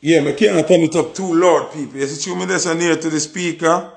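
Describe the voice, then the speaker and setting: A Jamaican man hosting a music review livestream, his voice slightly high for a man and full of gravelly fry. He talks in a boastful, emphatic way and keeps hammering the same point home. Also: fairly even intonation, normal speed. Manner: boastful, emphatic, repeats himself.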